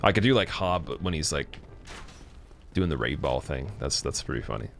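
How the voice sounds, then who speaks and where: A man's voice: a bass voice, lively intonation, normal speed, gravelly, a little hiss or hum. A man from Canada chatting casually with viewers while streaming a game, rambling with plenty of fillers. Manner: rambling, many fillers and restarts. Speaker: livestreamer.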